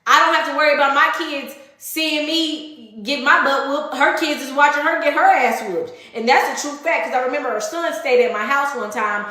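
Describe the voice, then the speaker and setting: A woman's voice: sits high, normal speed, hardly any pauses, pushed and bright, heavy reverb. A woman telling a personal story in casual storytime style, blunt and full of profanity, acting out the voices of the people in it.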